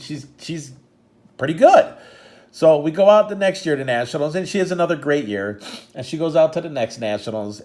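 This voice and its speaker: A man's voice: medium pitch, darkish tone. A middle-aged man, a father and karate coach, telling a long story in a rambling, emotional way, often restarting his sentences. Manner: rambling, full of restarts, gets choked up. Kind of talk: casual storytelling to camera.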